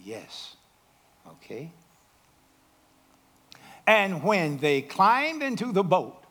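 A male preacher delivers a sermon in a high, lively voice that climbs and falls across a wide range. He talks slowly, with dramatic swings from loud exclamations to quiet, hushed asides, and keeps asking the congregation questions.

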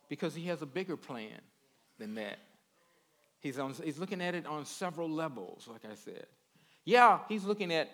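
A man's voice: on the high side, fairly bright tone. A man giving a conversational sermon in a folksy way. He repeats words and keeps checking in with his listeners. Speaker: preacher.

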